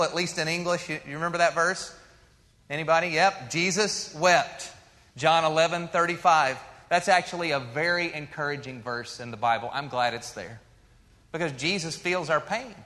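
A male pastor preaching a sermon in a conversational way, pushing up for emphasis and then dropping to a soft, slow hush. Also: on the high side. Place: church sanctuary. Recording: long hall reverb.

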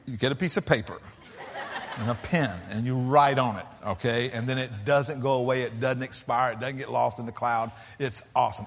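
A middle-aged man preaching a sermon to a large church, folksy and lively, swinging between loud emphasis and soft hushed lines. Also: mid-range voice. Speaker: pastor.

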